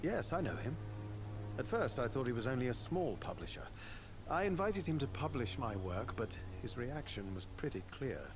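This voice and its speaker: Theatrical male local played by a man in a game; animated, confiding, gossipy. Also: medium pitch, normal speed, close to an everyday voice. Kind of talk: video game dialogue. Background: game music.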